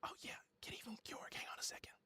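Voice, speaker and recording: A man voicing a sly invisible male archer in whispered role-play, with a breathy whisper. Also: rapid-fire, bright, forceful tone, no room sound.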